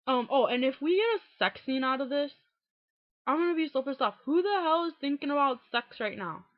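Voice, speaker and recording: A woman's voice: high voice, lively intonation, a little fast, dry recording. A woman recapping a TV episode in a casual vlog, frank and exasperated, swearing freely and filling with "like" and "um". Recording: dull, dry home recording.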